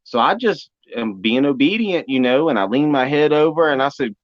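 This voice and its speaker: A young man telling a spiritual testimony story, animated and acting out the voices he quotes. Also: medium pitch, normal speed, no room sound. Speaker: speaker giving testimony. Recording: dry, dull lo-fi audio.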